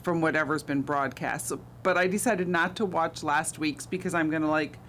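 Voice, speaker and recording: A woman's voice: low-pitched, fairly even intonation, normal speed, fairly bright tone, slight background noise. A woman co-hosting a college radio talk show, chatting casually and laughing often in a small studio. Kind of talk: casual chat.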